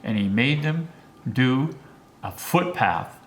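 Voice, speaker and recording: An older man, a local historian, telling pioneer history as a lively storyteller who swoops his pitch for emphasis. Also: takes it slowly, slight background noise.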